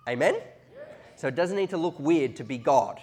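A man preaching a conversational sermon that rises into loud, excited peaks. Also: a little high, normal speed, husky. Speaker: pastor.

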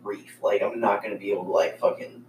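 A man's voice: on the low side, fairly even intonation, fast talker, darkish tone. Rambling man telling ghost stories. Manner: rambling, swears a lot, many fillers. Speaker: storyteller on a ghost story podcast. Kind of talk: casual spoken storytelling. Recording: roomy, distant mic with faint noise.

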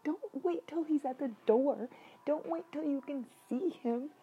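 Gravelly-voiced woman reacting to a horror game. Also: high-pitched, measured pace, lo-fi sound. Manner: emotional, talks to the screen, swings from whispers to shouts. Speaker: gaming video host.

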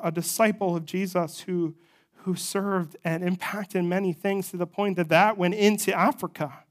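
A pastor delivers a sermon in a relaxed, conversational storytelling manner, moving through a scripture passage and pausing for personal asides. The voice sits at a middle pitch.

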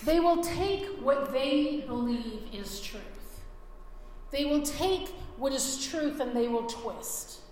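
A woman's voice: high-pitched, lively intonation, takes it slowly, a little mellow, slight background noise. A woman preaching a sermon earnestly, with frequent restarts, acting out the voices she quotes. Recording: very echoey hall, faint room ambience.

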